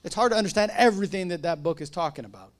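High-voiced pastor teaching casually. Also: male voice, animated, racing. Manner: conversational, self-interrupting, asks the room questions. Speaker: pastor teaching a church class.

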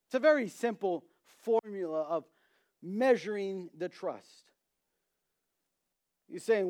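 High-pitched preacher man telling stories. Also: moderate pace. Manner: storytelling, acts out quoted voices, animated emphasis. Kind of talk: sermon with humorous illustrations.

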